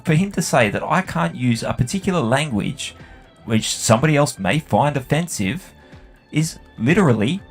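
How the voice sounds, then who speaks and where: A man telling a long, profane story about work while he plays a game. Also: medium pitch. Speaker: gaming channel host. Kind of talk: rambling anecdote while playing a game.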